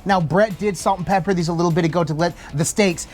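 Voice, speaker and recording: Man, casual cooking host, excitable, outdoors at a griddle. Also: sits high. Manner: excitable, chatty, quick to joke.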